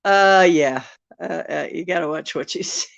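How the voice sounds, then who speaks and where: A woman's voice: low-pitched, normal speed, vocal fry, dry recording, dull audio. A woman hosting a casual livestream chat who talks in a jokey, chatty way and laughs easily. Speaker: channel host.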